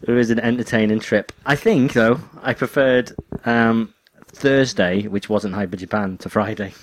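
A man's voice: lowish voice, normal speed, slight background noise. A man from England in casual podcast chat, telling stories with dry asides.

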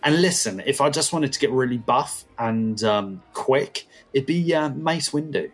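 A man's voice: medium pitch, unhurried. A man co-hosting a podcast, chatting casually in a laid-back way with lots of fillers. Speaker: podcast co-host. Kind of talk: casual chat.

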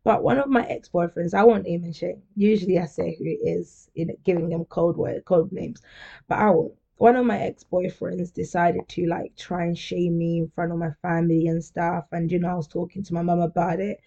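A woman's voice: on the low side, fairly even intonation, brisk, vocal fry, warm tone, muffled recording. A young woman hosting a podcast, talking candidly and chattily in a casual monologue, often laughing. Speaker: podcast host.

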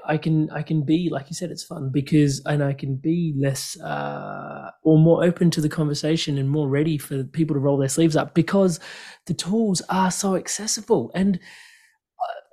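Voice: mid-range voice, moderate pace, dark tone. A podcast host chatting in an enthusiastic, rambling way and laughing often. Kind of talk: casual chat.

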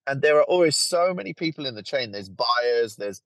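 A man, a podcast guest who talks about his plant marketing work and his book in a lively, chatty way and laughs easily. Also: medium pitch, moderate pace, dry recording. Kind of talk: casual conversation.

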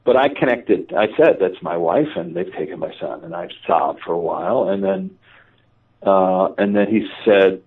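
A man, a radio interview guest, telling a personal story in a lively, self-mocking way and acting out the dialogue. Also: low-pitched, moderate pace, recorded from a distance. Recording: tinny phone line, off-mic.

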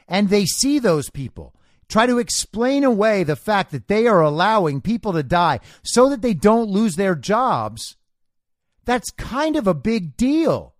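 Combative man with a lively, high-pitched voice. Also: no echo, studio quality. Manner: combative, sarcastic, lecturing. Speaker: podcast host. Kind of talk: political commentary monologue.

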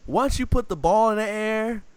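Guy on a sports podcast, smooth resonant voice, dry close sound, acts out what people said. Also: high voice, normal speed, dry recording. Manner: animated storytelling, acts out quotes with slang. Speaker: podcast co-host. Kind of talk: casual sports podcast chat.

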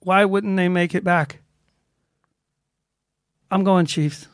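A man's voice: high-pitched, fairly even intonation, takes it slowly, clean tone, dry recording, studio quality. A man co-hosting a casual sports chat, hesitant and indecisive, with a wry sense of humor. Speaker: podcast co-host.

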